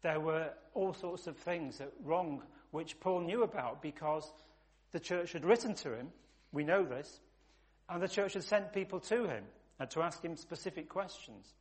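A man delivers a sermon in an easy, conversational way, piling up points in long repeated lists. His voice sits somewhat high for a man. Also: expressive, moderate pace. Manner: conversational, builds lists with emphatic repetition. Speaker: preacher.

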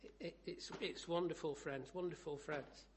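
A male preacher with a slightly raised pitch works through stories and scripture, moving between quiet asides and loud, emphatic passages. Faint hiss sits under the voice. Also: steady tone, normal speed. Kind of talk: sermon.

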